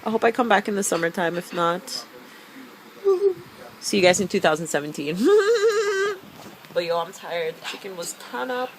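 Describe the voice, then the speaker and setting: A young woman vlogging casually at night, giggly and excitable, talking in bursts into a handheld camera. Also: on the low side, normal speed, long pauses, background noise. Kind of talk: casual vlog chat. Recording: music playing in background.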